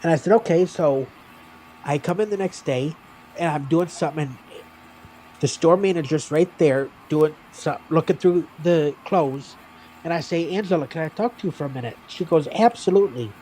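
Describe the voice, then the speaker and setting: A man tells work stories on a livestream, playing out each person's lines as he goes. His voice sits a little high, and its mellow tone softens the telling. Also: normal speed, slight background noise. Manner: animated anecdote telling, acting out other people's lines. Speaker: streamer. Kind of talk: casual storytelling on a livestream.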